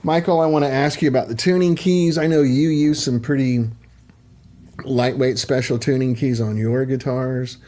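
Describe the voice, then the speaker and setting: Man, middle-aged, livestream host, casual rambling chat, lots of ums, warm dark tone. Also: medium pitch, steady tone, moderate pace. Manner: rambling, chatty, many ums and asides.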